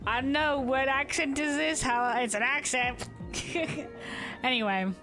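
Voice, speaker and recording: A woman's voice: sits high, takes it slowly, over music. A woman streamer chatting casually and laughing as she plays. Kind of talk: casual gameplay commentary.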